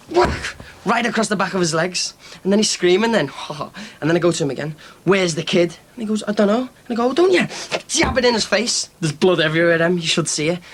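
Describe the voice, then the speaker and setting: A man's voice: sits high, slightly rough. An actor playing a cocky, boastful young ex-con in a TV soap, telling his story. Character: cocky young ex-con man, brash braggart. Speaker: small-time criminal. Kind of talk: TV soap drama acting.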